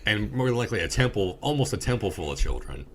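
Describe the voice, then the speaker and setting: A man with a very low voice co-hosting a casual movie review podcast. He talks bluntly and profanely, and there is a faint hiss under the recording. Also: fast. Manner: blunt, profane, animated storytelling. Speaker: podcast co-host.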